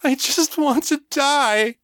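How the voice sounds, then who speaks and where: A man voicing a broken, desperate young vampire woman who sobs and pleads in a high, strained voice. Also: slow pace, a bit bright, dry recording, studio quality, heavily acted. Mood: sobbing plea.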